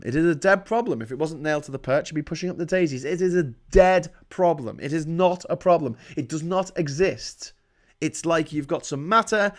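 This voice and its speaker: Male livestream host, angry sarcastic political ranter, slightly hoarse, raised pitch. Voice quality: a little hoarse. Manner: swearing, ranting, sarcastic.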